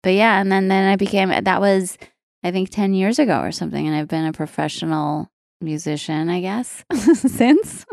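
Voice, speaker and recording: A woman's voice: medium pitch, normal speed, vocal fry, no echo. A woman guest musician in a casual interview, telling a story with lots of laughs and acted-out dialogue. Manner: animated, laughing, acts out dialogue.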